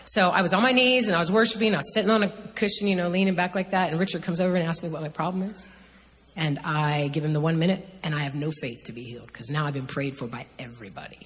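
Lively woman telling a testimony in a hall. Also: low-pitched, fast talker. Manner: lively, laughs often, breathless storytelling. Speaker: guest sharing a testimony. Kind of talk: animated personal testimony. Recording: reverberant hall, faint background noise.

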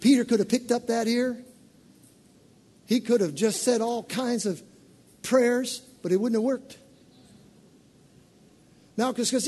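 A man preacher giving an animated, conversational sermon to a congregation in church. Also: extremely high pitch, measured pace, pauses often, slightly rough.

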